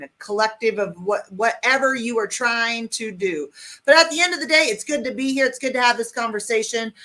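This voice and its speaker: A woman opens an online talk show with an upbeat, welcoming manner and rattles off lists of guests and platforms. Her voice is bright and sits slightly high. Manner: upbeat, welcoming, listing things. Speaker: co-host.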